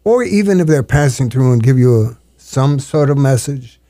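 An older man with an average-pitched voice speaks earnestly, circling back and restarting his thoughts as he reflects. He is a storyteller being interviewed in a studio. The sound is close and dry, with no room echo. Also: expressive, warm tone. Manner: earnest, halting, with many restarts.

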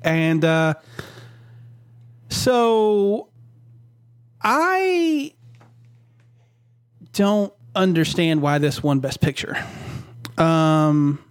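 A man hosting a casual podcast, talking slowly and haltingly with many fillers, recorded on a home microphone over voice chat. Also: a little high, expressive, smooth, dry recording, clean studio sound. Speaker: podcast host.

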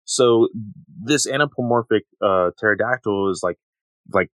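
A man co-hosting a manga podcast, relaxed and easygoing, with loose phrasing. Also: on the low side, normal speed, no room sound. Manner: relaxed, laughing along, loose filler-heavy phrasing. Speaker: podcast co-host. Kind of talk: casual manga discussion.

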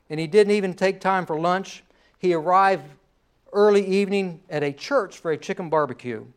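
A male pastor preaching a sermon in a conversational way, often repeating phrases and checking in with "right?". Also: sits high.

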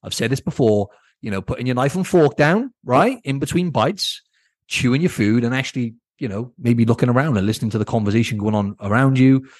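A man's voice: mid-range voice, brisk, darkish tone, no room sound. Guy coaching on his podcast, blunt n casual, keeps saying right?, dry sound. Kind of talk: solo podcast advice talk.

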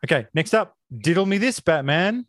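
A man hosting a film podcast, talking in a sarcastic, mock-outraged deadpan. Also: high voice, moderate pace, no room sound, clean studio sound. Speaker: podcast host. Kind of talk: casual film review chat.

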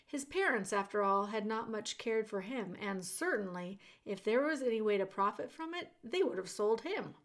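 A woman narrating a children's audiobook, talking straight to the listener with expressive storyteller pacing. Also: medium pitch, moderate pace, hardly any pauses. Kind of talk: audiobook reading of a children's novel.

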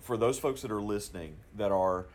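Male podcast host, lower voice, halting delivery with many restarts. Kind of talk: podcast interview.

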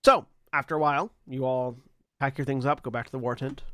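A man narrating a tabletop game as dungeon master, casual and halting with many fillers. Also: mid-range voice, fairly even intonation, fairly bright tone, dry recording, clean studio sound.

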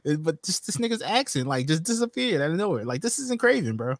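A man with a high voice that swings widely as he rants and laughs through casual podcast banter. The sound is dry and close, with no room around it. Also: fast talker, dry recording. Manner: animated, laughing, exasperated ranting. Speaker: podcast co-host.

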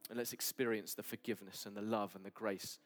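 A man preaching a sermon at a church service, earnest and sometimes dropping to soft near-whispers. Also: on the low side, steady tone, fast, faint music behind. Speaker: pastor.

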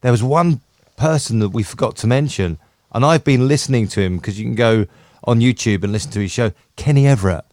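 A man's voice: mid-range voice, a little fast, darkish tone, no room sound, studio quality. Playful man, comic banter. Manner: playful, laughs easily, tries out comic accents. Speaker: podcast co-host. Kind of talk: casual chat. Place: home.

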